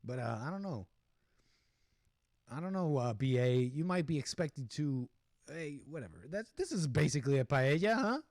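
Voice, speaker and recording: A man hosting a casual livestream, chatting loosely with his viewers and reacting to a video in an animated, rambling way. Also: fairly high pitch, normal speed, no echo, clean studio sound. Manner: animated, rambling, talks to chat, mock-singing asides. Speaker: livestream host. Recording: music playing behind the voice.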